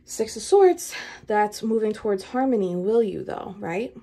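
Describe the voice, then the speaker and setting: Female tarot reader, casual and animated, direct to camera, mid-pitched. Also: measured pace. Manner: animated, chatty, laughs often, talks straight to viewers.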